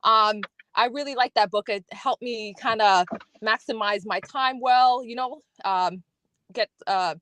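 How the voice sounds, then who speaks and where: A woman's voice: on the high side, a little slow, fairly bright tone, no room sound, low-quality recording. A woman speaking as a guest in a casual live stream chat, hesitant and full of fillers.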